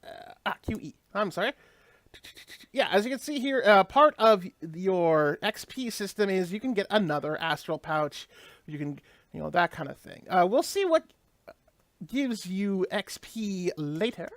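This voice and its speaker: Chatty man explaining a game, lively pitch. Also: a little slow, no echo. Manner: rambling, explanatory, many fillers and restarts. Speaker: let's play host. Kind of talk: casual gameplay commentary.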